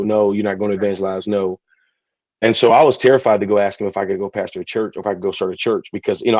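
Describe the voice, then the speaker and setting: A man, a pastor telling his story in an interview, relaxed and chatty. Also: on the low side, dry recording. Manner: relaxed, chatty, many fillers. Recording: dull, dry recording.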